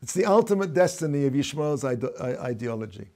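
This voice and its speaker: A man, a rabbi, giving an explanatory lecture. He talks deliberately, stops to explain terms and corrects himself as he goes. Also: medium pitch, very animated, darkish tone. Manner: reads out quoted passages in a raised voice. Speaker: rabbi teaching a class.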